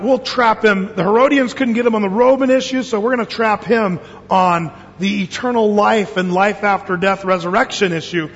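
High-voiced folksy male pastor. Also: a bit bright, long reverb tail, dull audio, a little hiss or hum. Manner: folksy storytelling with jokes and quoted voices. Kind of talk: sermon.

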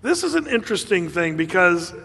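High-voiced preacher in a reverberant hall. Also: male voice, brisk, creaky, slightly rough. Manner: conversational, animated, with laughs and fillers. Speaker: pastor. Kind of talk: sermon.

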